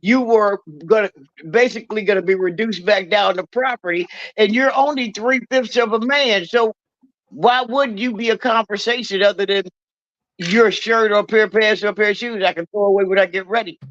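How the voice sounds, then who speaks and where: Earnest high-voiced man, dry lo-fi. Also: moderate pace, fairly bright tone, no room sound. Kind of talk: casual chat.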